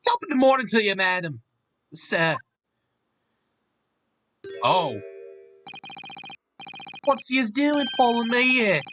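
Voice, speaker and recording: A man's voice: very high voice, sing-song, slow, pauses often, a bit bright, soft background music, voice pushed up, heavily acted. A man voicing a pushy, sly street hustler with a put-on Irish accent. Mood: cheeky. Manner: cheeky, wheedling.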